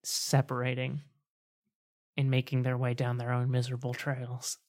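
A man's voice: mid-range voice, monotone, moderate pace, darkish tone. A man narrating a tabletop game as game master, in a loose, casual style with fillers.

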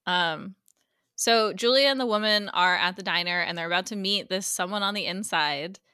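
On a podcast she co-hosts, a woman recaps a TV episode in casual chat, an animated storyteller acting out the characters' lines as she goes. Her mid-range voice is smooth and at a normal speed, with clean studio sound and no room sound.

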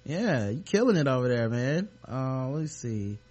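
On a video call, a male podcast host chats casually and jokes, laughing often as he speaks. His mid-range voice is very animated and a little mellow, at a moderate pace.

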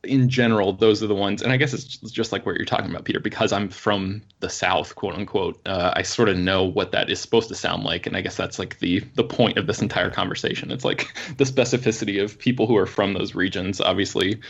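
A man from Florida co-hosting a podcast in relaxed casual chat, laughing often. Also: sits low, fairly quick, gravelly, hardly any pauses. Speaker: podcast co-host. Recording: dull lo-fi line.

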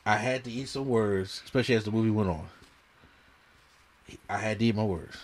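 A man's voice: lowish voice, brisk. A man hosting a podcast, telling an emphatic, slangy story in casual movie chat and often repeating himself. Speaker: podcast host.

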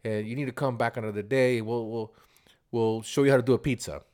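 A man putting on a gruff New York pizzeria boss. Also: mid-range voice, steady tone, a little fast, a little mellow, natural voice. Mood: firm. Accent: attempted Italian New York accent. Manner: firm, bossy, tough-guy.

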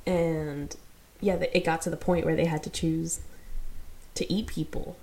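A woman with a mellow, warm-toned voice, pitched a little low, chats on a podcast. She is giggly and playful and slips into little voices when retelling a story. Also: flat delivery, a little slow, creaky. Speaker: podcast co-host. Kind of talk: casual chat.

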